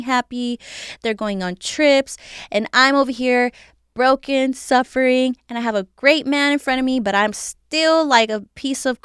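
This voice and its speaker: A woman tells her story of faith as a podcast guest, candid and emotional and full of "like" fillers. Her voice is very smooth and resonant, at a mid pitch. The recording is dry and close, with no room sound. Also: fairly bright tone, no room sound. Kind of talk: casual personal testimony.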